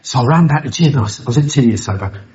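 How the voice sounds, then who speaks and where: A man's voice: mid-range voice, expressive, fast, a little mellow. A man tells a story with a lot of movement in his voice. He is blunt, he swears, and he jokes as he talks. The live recording sounds a little dull and lo-fi. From London, UK. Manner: swearing, blunt and joking, acts out the voices of others. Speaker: recovery meeting speaker. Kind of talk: personal storytelling share. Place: convention hall.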